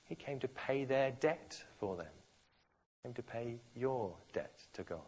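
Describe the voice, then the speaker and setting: Male preacher, husky voice, sermon, dramatic delivery, quiet to loud. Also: medium pitch, expressive, slow pace.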